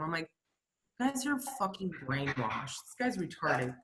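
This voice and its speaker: A woman's voice: medium pitch, big pitch swings, fairly quick, fairly bright tone, slight background noise. A woman co-hosting a podcast, telling stories in a profane, ranting, casual comedic chat. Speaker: podcast co-host.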